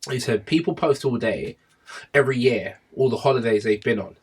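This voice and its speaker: A man, a podcast co-host in casual chat among friends, animated and often breaking into loud laughter. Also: mid-range voice, a little fast, slightly rough. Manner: animated, laughs loudly, trails off and restarts.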